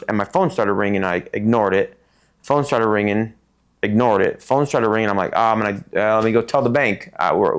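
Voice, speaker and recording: A middle-aged man from Tucson, a podcast guest telling stories in an animated way and acting out the people in them. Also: lowish voice, gravelly. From Tucson, Arizona. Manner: animated, acts out voices in his stories. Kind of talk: casual storytelling interview.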